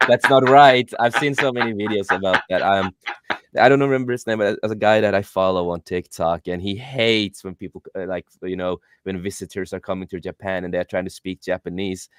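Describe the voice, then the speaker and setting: A man's voice: deep voice, smooth, dry recording, clean studio sound. A man co-hosting a casual anime talk show, telling stories with swearing and frequent laughter. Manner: profane, laughs often, animated storytelling. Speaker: podcast co-host. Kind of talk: casual chat.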